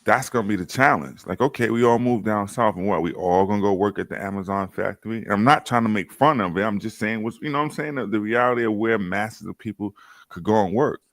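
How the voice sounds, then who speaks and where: A man from Brooklyn with a New York accent, telling animated stories and swearing freely in a casual podcast chat. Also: on the low side, fast, no room sound.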